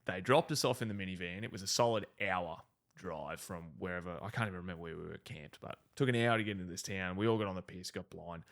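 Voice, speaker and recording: A very deep Australian male voice full of gravelly fry. He hosts a podcast, answering with quick relaxed replies and telling his own stories in easy chat. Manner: relaxed, swears casually, short backchannel replies. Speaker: podcast host. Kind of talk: casual chat.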